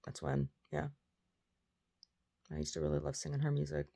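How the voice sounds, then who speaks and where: A woman's voice: deep voice, completely flat delivery, moderate pace, vocal fry, mellow. A woman in a casual monologue from her bed, blunt and opinionated, with a groggy first-thing-in-the-morning voice. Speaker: vlogger. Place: in bed at home.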